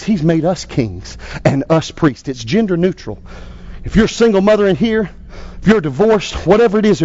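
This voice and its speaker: A man preaching a sermon and leading prayer, rising to forceful emphasis and dropping to a hushed tone. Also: a little high. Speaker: pastor. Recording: lo-fi sermon CD recording.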